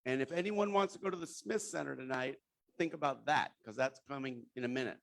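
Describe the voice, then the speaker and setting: A man's voice: mid-range voice, fairly quick, creaky. A man giving informal sponsorship announcements at a club meeting, rambling and losing his place now and then. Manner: rambling, loses his train of thought. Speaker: club member presenting sponsorships.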